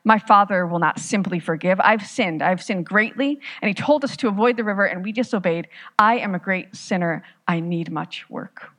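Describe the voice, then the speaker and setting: A woman's voice: medium pitch, normal speed, hardly any pauses, fairly bright tone, lightly acted. A woman voicing a desperate young man who feels he must earn his way home by hard work, speaking anxiously and insistently in a storytold sermon. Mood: anguished. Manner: anxious, self-condemning, insistent. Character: desperate guilt-driven young man, rock-stacking brother.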